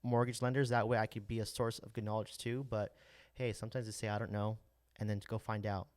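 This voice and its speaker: Guy hosting a podcast, lowish voice, dry close sound, keeps restarting and saying right?. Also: little pitch movement, fast, no room sound. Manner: loose, rambling, lots of restarts and "right?". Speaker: real estate agent and podcast host. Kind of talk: casual podcast chat.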